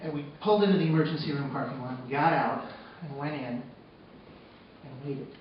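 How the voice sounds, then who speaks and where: Guy telling a true story onstage, goes quiet and somber then loud, far off in a really echoey hall, muffled and noisy. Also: medium pitch, brisk. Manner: swings from hushed, sombre narration to loud, excited retelling. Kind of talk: personal storytelling on stage. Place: arts center stage before a live audience.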